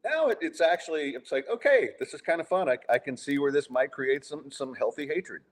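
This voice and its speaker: A man's voice: a little high, animated, fairly quick. A man hosting a sports podcast in casual chat, asking his guest open questions in a conversational way. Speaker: podcast host.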